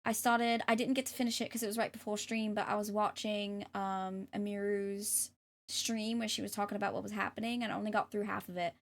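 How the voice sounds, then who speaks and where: A young woman streaming live and reading tarot, speaking gently and hesitantly with many ums and restarts. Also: mid-range voice, level tone, fairly quick. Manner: gentle and affirming. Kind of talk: casual live-stream chat.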